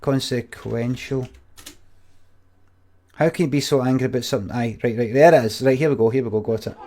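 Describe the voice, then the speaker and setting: A Scottish man in his forties chats loosely to his stream viewers. He swears freely, rambles and cuts himself off mid-thought, in an ordinary middle-pitched voice. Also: a little fast, warm tone. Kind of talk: casual storytelling to viewers.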